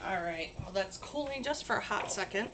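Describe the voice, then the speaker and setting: A woman hosting a casual crafting livestream, chatty and gushing with excitement. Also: medium pitch, moderate pace, background noise.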